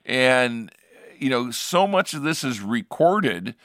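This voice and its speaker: A man's voice: medium pitch, very animated, slow, a bit bright, dry recording, studio quality. A man hosting a radio program as a pastor, chatting casually and rambling with frequent restarts. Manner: rambling, restarts sentences often. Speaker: radio show host, pastor.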